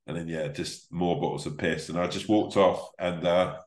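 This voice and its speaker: Deep-voiced sweary man telling stories. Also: steady tone, normal speed, hardly any pauses, a little mellow, echoey room. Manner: sweary, rambling anecdotes with restarts. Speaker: comedian guest. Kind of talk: casual podcast storytelling.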